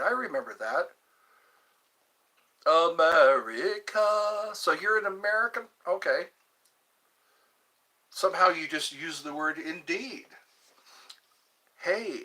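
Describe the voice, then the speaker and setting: A man's voice: a little high, sharp tone, slightly rough, low-quality recording. A man in his fifties hosting a live stream, reading viewer comments aloud and answering them in a playful, jokey way. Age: 50s. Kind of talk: casual live-stream chat.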